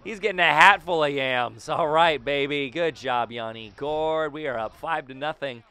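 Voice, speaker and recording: A young man giving casual, jokey commentary over his own hockey video game, breaking into loud excited outbursts. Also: a little high, normal speed. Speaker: gaming YouTuber.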